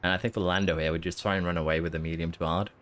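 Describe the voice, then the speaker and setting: A man's voice: deep voice, steady tone, racing, a bit bright. A man streaming a racing management game, thinking aloud in a casual, rambling way with lots of fillers, while fighting off hiccups. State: hiccuping and holding them in. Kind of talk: casual live-stream commentary.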